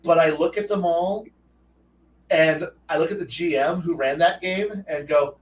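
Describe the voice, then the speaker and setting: A man's voice: a little high, measured pace. A man hosting a casual talk show, rambling and cursing freely as he muses about tabletop games. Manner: profane, rambling, animated with restarts. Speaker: host. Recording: roomy echo, distant from mic, faint noise.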